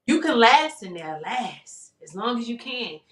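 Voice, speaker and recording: A woman's voice: fairly high pitch, measured pace, reverberant. A woman guest on a live-streamed interview, talking openly and animatedly about her path. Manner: animated, warm-hearted, calls people baby. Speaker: guest, talk show host and coach. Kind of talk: casual interview conversation.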